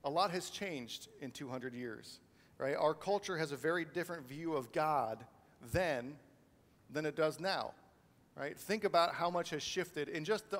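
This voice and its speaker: Guy preaching, fairly high voice, lots of um and uh and "right?", church hall echo. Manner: conversational, many fillers and restarts, asks "right?". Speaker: pastor. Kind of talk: sermon. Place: church sanctuary.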